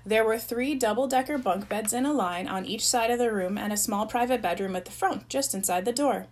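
A woman reading a novel aloud, narrating in an even storytelling voice. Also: a little high, fairly quick, low-quality recording. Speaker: reader.

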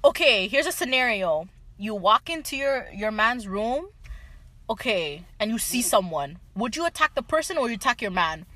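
A woman's voice: a little high, animated, normal speed, pushed and bright. A woman co-hosting a casual chat, sassy and dramatic as she tells stories, swearing freely. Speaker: podcast co-host.

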